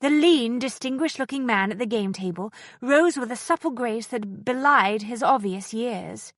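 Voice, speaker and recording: The audiobook narrator is a woman whose pitch runs fairly high; her delivery is expressive and measured. There's no echo, just clean studio sound.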